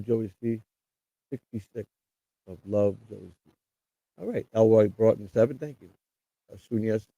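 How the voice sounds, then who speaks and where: A man hosts a live stream at a middle pitch, reading viewer comments aloud and answering each one in a loose, rambling way. His talk is blunt and street-tough, with the odd curse. The sound is dry, with no room echo. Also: mellow, muffled recording. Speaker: livestream host. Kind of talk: casual live chat reading.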